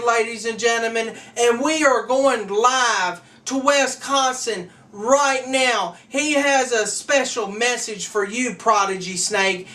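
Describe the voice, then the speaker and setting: High-voiced man ranting a wrestling promo. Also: bright, forceful tone. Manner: ranting, taunting, calls out rivals by nickname. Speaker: host of a fan wrestling show. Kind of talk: wrestling trash-talk promo. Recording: distant from the mic.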